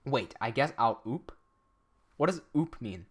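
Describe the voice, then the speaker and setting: A man's voice: medium pitch, lively intonation, unhurried, breathy edge. A young man animator chatting casually on a livestream; he reads the chat aloud, laughs often and swears a lot. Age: young adult.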